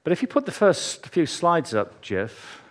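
A man's voice: on the high side, wildly swooping pitch, a little slow. A man preaching a sermon in church, telling chatty, jokey stories with asides to the congregation.

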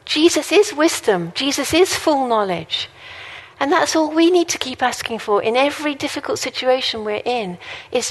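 A woman's voice: high voice, expressive, moderate pace. A woman preaching a sermon in an earnest, conversational way, mixing in personal stories. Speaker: guest preacher.

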